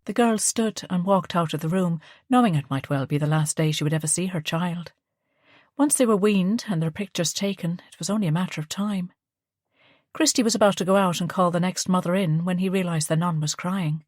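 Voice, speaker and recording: A woman narrating an audiobook in a measured storytelling manner. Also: fairly low pitch, darkish tone, dry recording, clean studio sound. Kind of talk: scripted narration.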